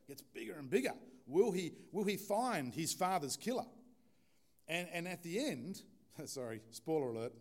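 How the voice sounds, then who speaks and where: A man's voice: on the high side, big pitch swings, moderate pace, darkish tone. A male pastor delivers his sermon in a chatty, easygoing way. He keeps it informal and jokes with the congregation, a church setting behind his words. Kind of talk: conversational sermon.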